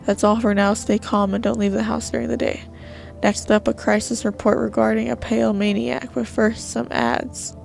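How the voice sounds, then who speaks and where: A woman's voice: a little high, little pitch movement, normal speed, gravelly, darkish tone, soft background music. A woman reading an in-game TV news broadcast aloud, stumbling now and then over words. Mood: formal.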